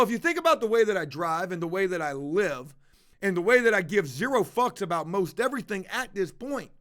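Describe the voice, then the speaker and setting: This man's voice sits high with a slightly bright quality. Streaming live to his audience, the vlogger recounts a personal confession in a blunt, profane, offhand manner.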